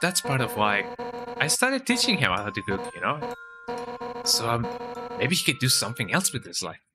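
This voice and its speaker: A man's voice: medium pitch, wildly swooping pitch, moderate pace, vocal fry, music in the background. A man reading the lines of a brash, hot-headed female fish warrior captain aloud, raising his voice to play her boastful manner. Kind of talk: reading game dialogue aloud.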